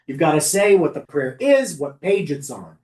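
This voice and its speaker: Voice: mid-range voice, very animated, normal speed, a little mellow. A rabbi giving an instructional class talk to lay service leaders, conversational and often correcting themself mid-sentence. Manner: conversational, with frequent self-corrections and asides.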